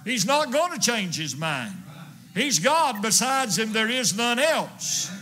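High, bright-voiced fervent evangelist. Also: male voice, big pitch swings, takes it slowly. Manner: fervent preaching, pounding repetition. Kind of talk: sermon.

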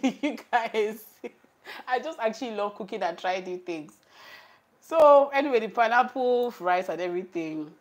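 A woman's voice: a little high, moderate pace. A young woman with a Nigerian accent, chatting and laughing as she tells stories while cooking for her vlog. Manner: animated, laughing, chatty storytelling. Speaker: vlogger. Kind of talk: casual chat while cooking.

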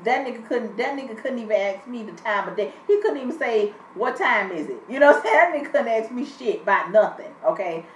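Swearing nonstop with a sassy edge, a high-voiced woman bluntly reviews a reality show episode, speaking briskly and expressively with few pauses. The audio is muffled and distant in an echoey room, with a little hiss or hum.

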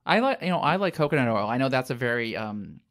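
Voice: mid-range voice, very animated, fast talker, a bit bright. Co-host, loose rambling chat full of fillers and restarts. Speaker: podcast co-host. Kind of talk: casual chat.

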